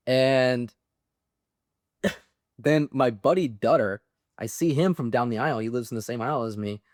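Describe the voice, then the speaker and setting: A young man in his twenties tells wild, profane stories in a loose, animated way, laughing as he goes. His voice sits at an ordinary middle pitch. The sound is close and dry, with no room around it. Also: moderate pace, long pauses, no echo. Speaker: podcast guest, Marine veteran. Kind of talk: casual storytelling.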